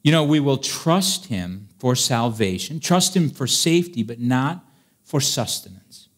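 A man's voice: mid-range voice, animated, unhurried, fairly bright tone. A man preaching a sermon in a chatty, playful way, reading old-fashioned scripture and acting out the scenes.

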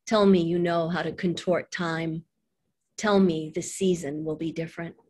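A middle-aged woman, reading her own poems on a video call, slow and quiet on the lines. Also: fairly even intonation, husky. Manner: slow, soft reading voice that drops low on the lines. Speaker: poet reading her work. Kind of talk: poetry reading with chat between poems.

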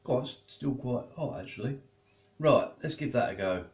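Man, food reviewer, casual chat, talks while eating, bouncy pitch. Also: expressive, normal speed. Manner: chatty, tastes and eats while talking. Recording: echoey room.

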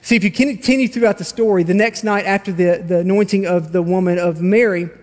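A pastor preaches a sermon in a large church hall, animatedly telling a story and reading scripture aloud. His voice sits high with a darkish tone and comes a little fast. A long reverb tail follows his words.

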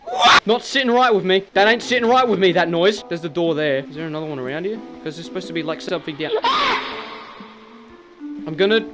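A man's voice: high voice, fairly quick, long pauses, loud music behind the voice. A young man, giving crude, rambling, jokey commentary while playing a horror game. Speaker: gaming YouTuber.

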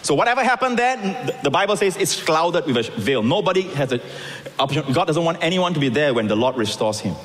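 A man preaching a sermon, acting out the scripture voices and moving between loud calls and soft, quiet lines. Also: fairly high pitch, sing-song, a little fast, in a large hall. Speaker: pastor.

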